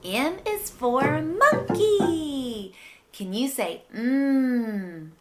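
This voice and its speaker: A woman's voice: sits high, lively intonation, drawn-out words. A woman hosting a toddler phonics lesson in an exaggerated, enthusiastic singsong baby-talk manner. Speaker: children's educational host. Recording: loud background music.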